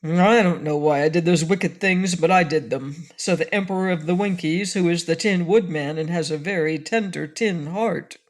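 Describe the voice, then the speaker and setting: A woman's voice: on the low side, moderate pace, few pauses, close to an everyday voice. A woman reading a storybook, voicing a grumpy, lonely male ferryman who confesses past cruelty. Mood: regretful. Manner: gruff, then mournful confession.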